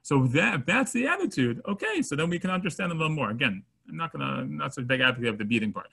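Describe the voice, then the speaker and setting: A man's voice: on the high side, quick pace, creaky, breathy edge. A man teaching a Torah class, mixing Hebrew terms into his English and acting out everyday scenes. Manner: animated, acts out scenarios with quoted voices. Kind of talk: Torah lesson to students.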